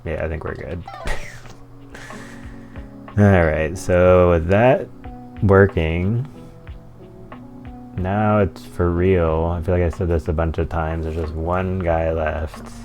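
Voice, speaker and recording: Male streamer, very deep and slow, sarcastic reactions. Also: fairly even intonation, a little mellow, faint music behind. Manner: sarcastic, wry. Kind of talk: casual live commentary.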